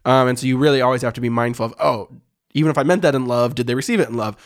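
A man in his thirties with a middle-range voice, talking directly and plainly on a podcast. He is quick and matter-of-fact, often breaking off and restarting his sentences. The sound is a quiet studio room. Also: medium pitch. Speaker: podcast co-host. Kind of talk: casual conversation. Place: quiet room with cameras and lights.

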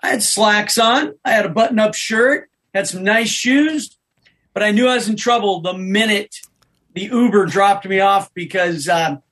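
Man telling a lively story. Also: high-pitched, normal speed. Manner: animated anecdotal storyteller. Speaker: podcast guest. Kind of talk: casual storytelling chat.

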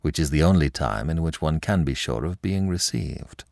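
A man as a wry, gravelly-voiced young Frenchman. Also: very deep voice, expressive, darkish tone, no room sound, clean studio sound, heavily acted. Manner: measured, wry.

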